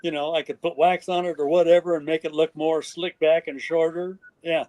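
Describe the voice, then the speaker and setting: An older man, a guest in an interview, telling stories in a lively way and acting out what others said. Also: on the high side, fairly quick. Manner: animated, acts out quoted voices. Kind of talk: storytelling interview.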